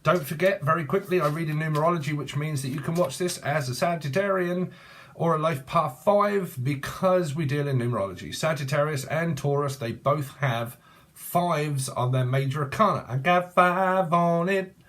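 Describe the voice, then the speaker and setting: A man's voice: on the high side, normal speed. A man giving a rambling, playful tarot reading, free-associating and laughing often. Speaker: tarot reader.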